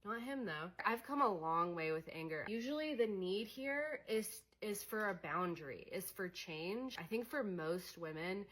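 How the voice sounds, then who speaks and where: A woman's voice: medium pitch, expressive, measured pace, few pauses, fairly bright tone, slight background noise. A young adult woman coaching on emotions in a candid, conversational way, with many fillers. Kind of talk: casual teaching monologue.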